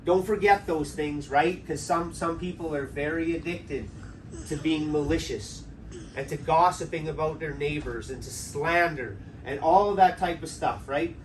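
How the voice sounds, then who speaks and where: A pastor preaches in a loose, conversational way, drawing answers out of the congregation and tagging his points with "right?". His voice sits fairly high for a man. He is recorded from some distance, with faint noise underneath. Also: a little slow. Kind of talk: interactive sermon.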